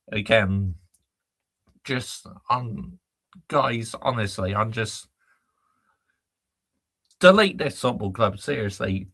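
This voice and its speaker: Angry fan guy ranting, slow and sharp, swearing lots. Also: medium pitch, gravelly, breathy edge. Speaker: football fan channel host.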